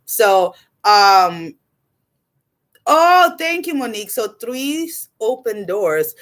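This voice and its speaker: A woman in her forties doing a casual livestream chat as an intuitive card reader, animated and blunt, laughing often and swearing casually. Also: fairly high pitch, drawn-out words. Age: 40s.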